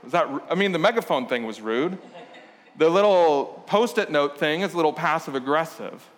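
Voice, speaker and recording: A man preaches a sermon in a relaxed, conversational tone, slipping into playful storytelling. His voice sits a little on the high side. Long reverb from a church hall trails every phrase. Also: moderate pace. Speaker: pastor.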